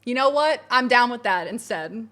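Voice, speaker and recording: Bubbly chatty woman streamer, higher voice. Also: lively intonation, moderate pace, fairly bright tone. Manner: bubbly, chatty, reacting to chat. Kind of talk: casual chat with live chat. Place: home, kitchen.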